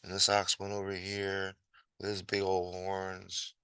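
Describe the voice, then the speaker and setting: A man casually telling a fable while sketching, rambling and playful with chatty asides. His voice is fairly low but bright and forceful, heard close and dry. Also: monotone, measured pace, clean tone, dry recording, poor audio. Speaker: storyteller.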